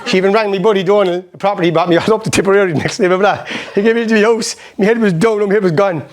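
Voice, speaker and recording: A middle-aged Irish man with a high-pitched voice gives a motivational seminar talk. He tells personal stories rapidly and animatedly, acting out old conversations.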